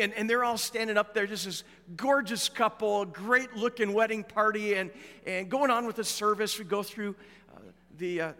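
A middle-aged man preaching a sermon as a pastor, telling stories in a relaxed, conversational way with fillers. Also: high voice. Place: church. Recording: echoey church hall with long reverb.

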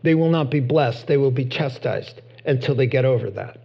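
A man preaching a sermon in an animated way, acting out short voices and rising to excited high peaks. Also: normal speed, vocal fry, husky. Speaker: pastor. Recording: dull lo-fi sound.

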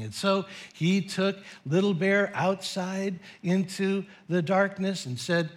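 A man's voice: high-pitched, a little slow, few pauses. A middle-aged man preaching a sermon as pastor, telling a story in a playful way.

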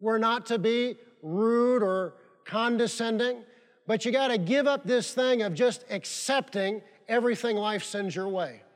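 A man with a notably high voice delivers a sermon from the pulpit. He drives his points home with emphatic repetition. His words trail off into the long reverb of a big sanctuary. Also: unhurried. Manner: emphatic, repeats key phrases for stress. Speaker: pastor. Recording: long reverb of a large hall.

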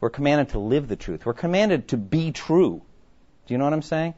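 A man's voice: a little high, lively intonation, normal speed, mellow, muffled recording. A man preaching a sermon in a conversational way, often putting questions to his listeners.

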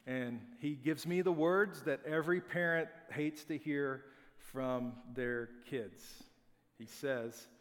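Pastor preaching in a reverberant hall. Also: male voice, on the high side, slow. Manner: conversational storytelling, self-deprecating. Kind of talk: sermon.

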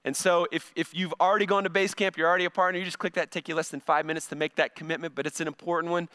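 A man's voice: a little high, level tone, rapid-fire, sharp tone, smooth. A middle-aged male pastor giving a conversational sermon, often repeating words as he starts a phrase.

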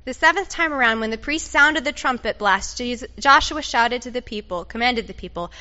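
A woman leading a playful, animated sermon, directing her audience through a Bible story and doing sound effects. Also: a little high, normal speed, few pauses, highs cut off. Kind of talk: lively sermon with audience participation.

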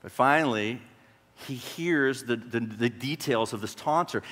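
A man's voice: mid-range voice, a little slow, a bit bright, big-room sound. A male pastor preaching a sermon, retelling scripture conversationally with rhetorical questions and bursts of drama.

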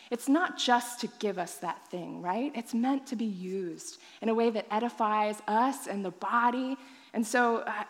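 A woman pastor telling a personal testimony in a sermon, acting out her own past thoughts with animated storytelling. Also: on the high side, big-room sound.

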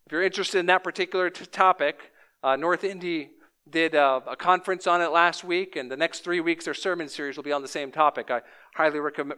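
A man in his thirties preaching a sermon as pastor, measured and emphatic, repeating key lines. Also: fairly high pitch, pushed and bright, clean tone.

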